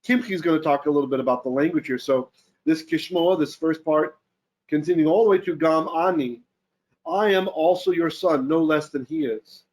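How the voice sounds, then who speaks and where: Rabbi teaching Torah, slightly high voice. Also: male voice, moderate pace. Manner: reads Hebrew aloud, then translates and explains, thinking out loud. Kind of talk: Bible study lesson.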